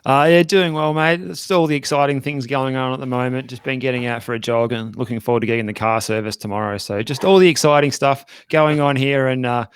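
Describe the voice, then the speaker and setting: A man's voice: mid-range voice, a little fast, few pauses, smooth. An Australian man co-hosting a football podcast and reading the news desk, matter-of-fact in manner. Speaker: co-host and news presenter. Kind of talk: casual chat then scripted news reading.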